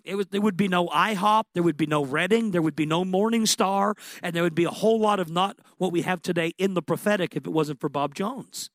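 A man with a high, carrying voice preaches a sermon with passion, fairly quick and hardly pausing. He swings from excited, rising peaks down to hushed reflection. The recording is dry and close, with no room around it.

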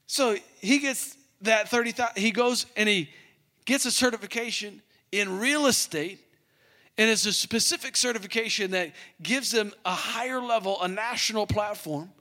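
Male preacher, animated storyteller, high voice, long hall reverb. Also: normal speed. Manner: animated storyteller acting out both sides of a conversation. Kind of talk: sermon storytelling.

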